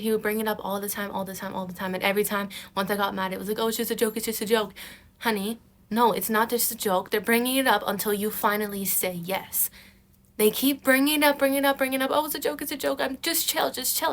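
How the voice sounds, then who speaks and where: A young woman vlogs dating advice in a casual way, her voice on the high side and a bit bright. She's emphatic, repeats herself, and keeps calling the viewer honey.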